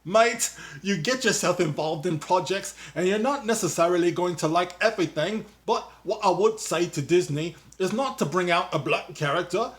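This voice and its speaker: A man's voice: high voice, a bit bright. Man doing a mock-aggrieved bloke. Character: mock-British young man, cocky and aggrieved.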